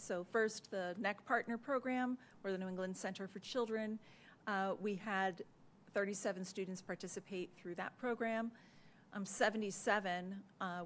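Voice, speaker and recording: Hoarse woman presenting at a meeting. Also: medium pitch, slight background noise. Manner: measured, earnest report with frequent "uh" and "um" fillers. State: hoarse, losing her voice. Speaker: school district administrator presenting a report. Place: public meeting room.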